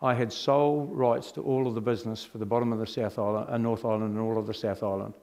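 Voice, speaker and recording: A middle-aged man from New Zealand tells his personal testimony quickly in a fairly low voice. Animated throughout, he keeps turning rhetorical questions on his listeners.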